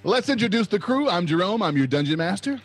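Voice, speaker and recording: A man's voice: high voice, very animated, fast talker, breathy edge, faint music behind. A man from Oklahoma hosting a tabletop game podcast as dungeon master, chatty and upbeat, laughing often. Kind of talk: podcast intro and announcements.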